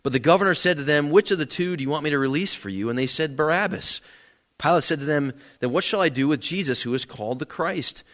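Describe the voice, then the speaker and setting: A man's voice: a little high, lively intonation, fast talker, a bit bright. A man preaching a sermon in a church, earnest, often repeating words as he builds a point. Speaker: pastor. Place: church sanctuary.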